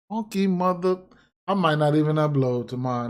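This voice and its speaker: Man, fairly high voice, casual stream talk, profane, repeats himself, gets worked up. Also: animated, brisk, darkish tone. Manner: profane, repetitive, heated. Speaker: sports betting streamer. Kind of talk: casual livestream rant.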